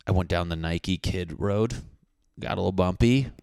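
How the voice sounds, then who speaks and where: A man's voice: sits low, moderate pace, creaky, darkish tone, clear, resonant tone, no echo, studio quality. A man talking casually to camera as a comedian, in a profane, teasing, mock-insulting rant. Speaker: comedian vlogger.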